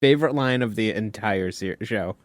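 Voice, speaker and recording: A man's voice: lowish voice, moderate pace, no room sound, studio quality. A man co-hosting a podcast, reacting to a TV show in an incredulous, amused way. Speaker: podcast co-host. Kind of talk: casual chat.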